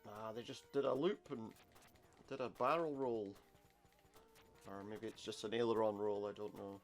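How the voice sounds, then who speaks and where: A man with a lowish voice and fairly even intonation speaks at normal speed while commenting on a retro game. His casual let's-play style features wry jokes and under-the-breath asides, backed by game music.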